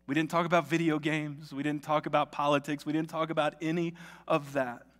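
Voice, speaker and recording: A man's voice: a little high, little pitch movement, brisk, a bit bright. A male pastor preaching a sermon in a church, in a conversational, storytelling way. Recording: long reverb of a large hall.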